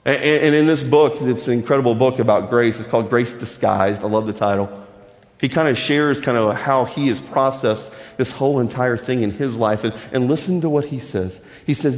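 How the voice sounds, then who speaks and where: A man preaching a sermon as a pastor, animated and dropping his voice low for emphasis. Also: moderate pace. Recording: echoey hall with long reverb.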